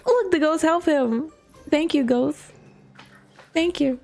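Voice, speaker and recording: A woman with a fairly high voice chats and giggles as she comments on a video. She keeps retelling what others said in a casual, friendly way. Faint music plays in the background. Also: slow pace, a little mellow. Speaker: reaction video host.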